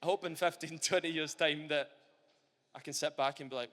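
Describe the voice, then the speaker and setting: Speaking fairly quickly in a somewhat high voice, this young Scottish ex-footballer is being interviewed casually at a live event. He's lively and talkative, frequently starting over, and his words echo with the long reverb of a big hall.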